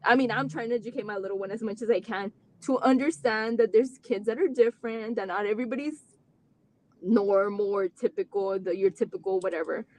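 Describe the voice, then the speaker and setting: In a brisk, mid-range voice, a mother tells her family's story as a guest in a live interview. The storytelling is candid, earnest and heartfelt, strung together in long run-ons peppered with "like," and she becomes animated as she retells what people said.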